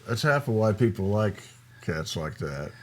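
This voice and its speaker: A man hosting an interview, giving brief, low-key prompts and agreement. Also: big pitch swings, measured pace. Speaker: host. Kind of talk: interview questions.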